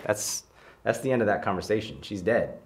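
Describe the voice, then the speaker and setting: A man's voice: on the low side, lively intonation, brisk, slight background noise. A man giving casual, emphatic advice on conversation, acting out example lines. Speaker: social skills coach. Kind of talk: casual advice talk to camera.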